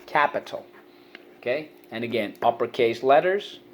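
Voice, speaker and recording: A man leads a spelling lesson at a medium pitch, encouraging his pupils. He sounds out words syllable by syllable. A faint hiss of room ambience sits behind him. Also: a little mellow. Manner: encouraging, drills syllables slowly. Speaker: teacher.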